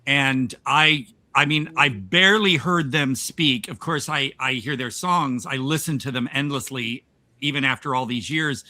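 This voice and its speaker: A man's voice: mid-range voice, a little slow, bright, forceful tone. A man hosting a casual podcast chat, rambling and restarting his sentences with frequent laughs. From United States. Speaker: podcast host.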